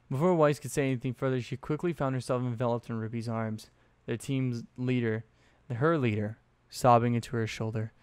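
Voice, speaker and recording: A young man reads a fan story aloud in a casual, offhand way, breaking off for sweary asides. His voice is mid-pitched and even. The recording is close and dry. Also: normal speed, hardly any pauses, clean tone, no room sound. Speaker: fanfiction narrator.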